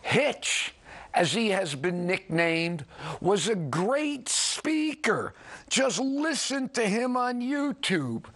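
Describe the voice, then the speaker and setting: A man with a New York accent hosting a program, talking in an animated, digressive way with chuckling asides. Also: high voice, slow pace. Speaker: program host. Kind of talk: conversational radio commentary.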